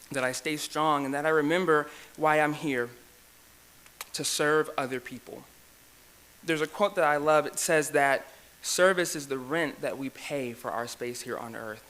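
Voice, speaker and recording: Young man, student leader at a ceremony podium; bright tone, emotional and nervous, speaks in repeated phrases. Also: on the high side. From United States. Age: young adult. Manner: heartfelt, repetitive cadence, laughs at own jokes. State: shaking with nerves, near tears. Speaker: outgoing student government president giving a speech. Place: university event room.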